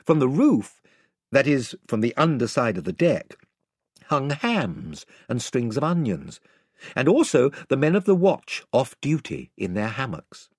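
A man reads a children's novel aloud with a very animated delivery, his pitch leaping up and down. His voice is husky and sounds dry and close, with no room around it. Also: a little slow, no echo. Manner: highly animated storytelling. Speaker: audiobook narrator. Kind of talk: expressive reading of a children's novel.

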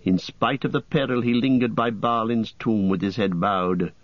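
A man reading an audiobook in a steady, measured narration. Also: on the low side, no echo. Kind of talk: scripted narration. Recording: dull lo-fi cassette.

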